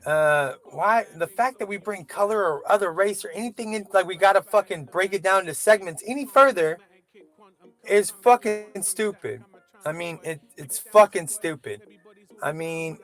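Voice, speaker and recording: A man's voice: high voice, normal speed, fairly bright tone, faint music behind. A man vlogging a casual opinion rant, rambling and profane, with frequent self-doubting asides.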